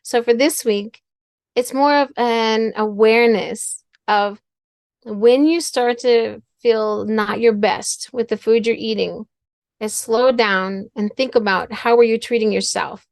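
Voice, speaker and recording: A woman's voice: fairly high pitch, fairly even intonation, slow, creaky, no room sound. A middle-aged woman speaks as a guest on a talk show, teaching through a story from her own family life. Her delivery is earnest, and she often repeats words and phrases as she works through a point. The recording is dry and close, with little room sound.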